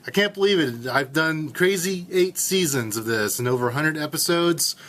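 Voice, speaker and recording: A man's voice: on the high side, animated, normal speed, fairly bright tone. A man in his late twenties hosting a college radio show from the studio, joking around in a goofy, hammy way. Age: late 20s. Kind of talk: casual comedic radio hosting.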